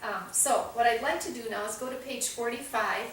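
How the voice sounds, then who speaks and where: A woman's voice: a little high, normal speed, fairly bright tone. A woman leading a small parenting group who tells anecdotes and acts out the voices in them. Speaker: parenting class leader. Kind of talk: teaching a small group, storytelling. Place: meeting room with a small group. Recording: roomy, distant, noisy room recording.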